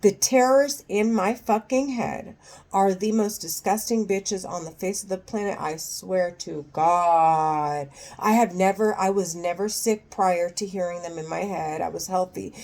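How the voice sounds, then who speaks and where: A woman's voice: on the low side, unhurried, a little mellow. A woman at home speaking to her camera in an agitated monologue, angry and profane, often stopping and restarting her sentences. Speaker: vlogger.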